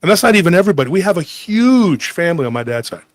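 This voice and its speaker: A man's voice: high voice, sing-song, very fast. A man from Texas hosting a podcast, telling rambling stories in casual chat and mimicking relatives. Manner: rambling storyteller, mimics relatives in quotes, laughs often. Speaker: podcast host.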